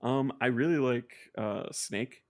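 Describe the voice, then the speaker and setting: A man's voice: medium pitch, measured pace, a little mellow. A man as a podcast guest, talking in a sarcastic, rambling way that keeps restarting. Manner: sarcastic, rambling, self-interrupting. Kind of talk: casual podcast chat.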